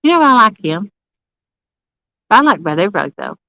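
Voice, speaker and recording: A woman's voice: medium pitch, sing-song, fairly quick, gravelly, bright, forceful tone, no room sound, highs cut off. A woman chatting casually on a live stream from a campsite, greeting viewers by name and laughing often. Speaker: livestreaming angler. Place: campsite outdoors.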